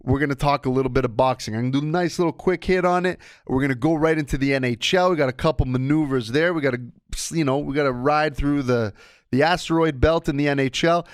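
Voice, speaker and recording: Male sports podcast host, solo, fairly high voice, chatty and animated storyteller, dry close sound. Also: quick pace, clear, resonant tone, no echo. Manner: animated storyteller with wide swings of pitch. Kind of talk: casual solo podcast monologue.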